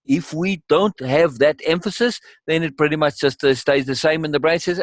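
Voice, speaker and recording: A man's voice: fairly high pitch, moderate pace, no echo. A man leading a course session in conversational teaching style, emphatic and repeating key words for weight.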